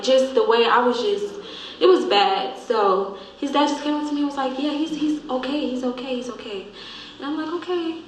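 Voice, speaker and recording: A young woman hosting a vlog, telling a painful memory in a halting, grieving way that trails off softly. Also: fairly high pitch, slight background noise. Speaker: vlog host. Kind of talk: emotional storytelling. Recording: echoey room.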